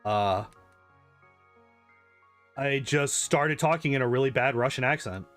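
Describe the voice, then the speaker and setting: A man's voice: mid-range voice, unhurried, fairly bright tone, faint music behind. A man chatting casually and rambling while playing a game, swearing freely and laughing often. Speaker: gaming streamer.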